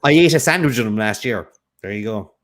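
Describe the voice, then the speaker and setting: Fast-talking man telling stories. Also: fairly low pitch, animated, faint music behind. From Ireland. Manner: rambling storytelling, quick chatter. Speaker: quiz co-host. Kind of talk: casual live-stream chat.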